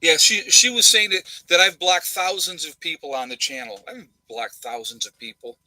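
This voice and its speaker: A man's voice: a little high, very animated, fairly quick, bright, forceful tone, dry recording, rough recording. A man hosting a casual livestream chat from home, blunt and sarcastic, rambling with lots of uhs and ums. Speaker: channel host. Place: home room with a fan.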